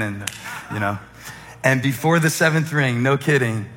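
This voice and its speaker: A man preaching a sermon as a humorous, conversational story, with fillers and quick asides. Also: mid-range voice, fairly bright tone, a little hiss or hum. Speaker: pastor. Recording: echoey hall with faint music.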